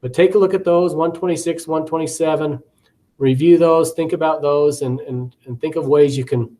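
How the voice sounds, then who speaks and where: Man, teacher educator, slightly higher voice, casual course commentary full of filler and acted examples. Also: fairly even intonation, normal speed, mellow. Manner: conversational, with frequent fillers, repeated words and acted classroom examples.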